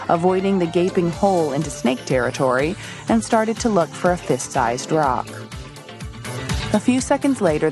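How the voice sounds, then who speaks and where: A woman narrating a romance novel in a steady, measured storytelling manner. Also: low-pitched. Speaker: audiobook narrator. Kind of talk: scripted narration.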